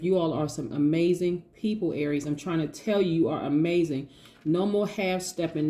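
A woman giving a lively tarot reading, talking casually to her viewers and hyping them up with affirmations. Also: fairly low pitch. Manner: lively, hypes viewers with call-and-response affirmations; casual, says y'all, laughs often. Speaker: tarot reader. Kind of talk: energetic motivational tarot reading.

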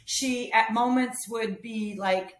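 A woman telling a family story in a casual, animated way, quoting herself and others as she goes. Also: on the high side, slow. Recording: roomy echo.

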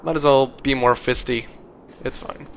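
A man's voice: mid-range voice, steady tone, normal speed. Wry young man narrating gameplay over gunfire. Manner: wry, rambling, puts on silly voices for enemies. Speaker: gameplay commentator. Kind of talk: casual let's play commentary. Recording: game audio noise behind voice. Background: gunfire and game sounds.

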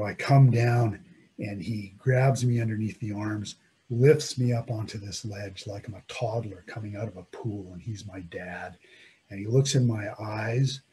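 A man vividly recounting his own mountain ordeal in dramatic first-person storytelling, swinging between loud emphasis and hushed tones. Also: fairly low pitch, slight background noise.

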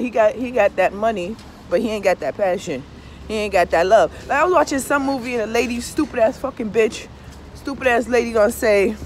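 A woman pours out a casual, confessional monologue full of swearing and emphatic repeats. She keeps turning to the listener for agreement. A faint hum of traffic hangs in the background of the outdoor recording. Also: on the high side. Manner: profane, emphatic, keeps asking "you understand?". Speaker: tarot reader and vlogger.

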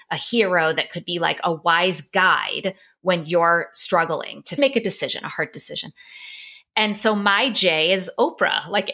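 A woman's voice: fairly low pitch, sharp tone. A middle-aged woman psychologist telling a candid, emotional personal story in a podcast interview.

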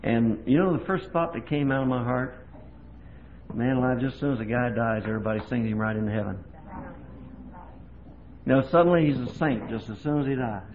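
A man preaching a sermon in a folksy storytelling way, moving from quiet chat to loud, fervent preaching. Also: medium pitch, fairly quick, pauses often. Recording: tinny lo-fi tape with faint hiss.

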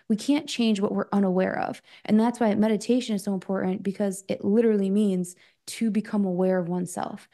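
A woman's voice: a little high, warm tone. A woman coach speaking as an interview guest, talking in a loose, chatty way with lots of fillers and little acted-out asides of her own thoughts. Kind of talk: casual interview talk.

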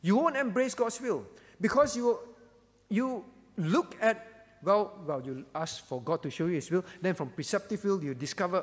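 A man's voice: high voice, expressive, moderate pace, in a large hall. A male pastor preaching a sermon, earnest and emphatic, repeating key phrases for weight. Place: church hall.

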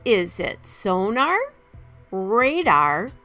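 A woman's voice: mid-range voice, big pitch swings, extremely slow, pushed and bright, faint music behind, full character voice. A woman voicing a teasing, gleeful Halloween witch in a sing-song storybook voice. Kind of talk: storybook character voice.

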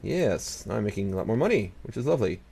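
A man's voice: on the low side, very animated, fast talker, vocal fry, dark tone, husky. A man giving casual let's-play commentary as he plays, muttering to himself, talking back to the game's nations and swearing now and then. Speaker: gaming channel host.

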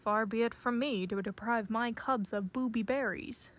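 A woman's voice: fairly high pitch, normal speed, slight background noise, natural voice. A woman reading a bewildered, fussy bear dad. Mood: wry. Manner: wry, fussy, clears throat. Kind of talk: children's read-aloud.

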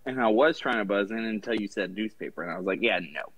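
A man's voice: on the low side, lively intonation, quick pace, a bit bright, slightly rough, low-quality recording. A man playing as a contestant in a casual game show, talking in a laid-back, joking way.

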